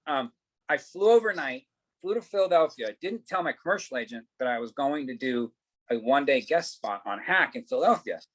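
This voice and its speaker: A man's voice: mid-range voice, lively intonation, brisk, rough recording. A middle-aged man, an actor, telling stories in a casual interview, acting out quoted dialogue and swearing casually. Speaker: actor guest.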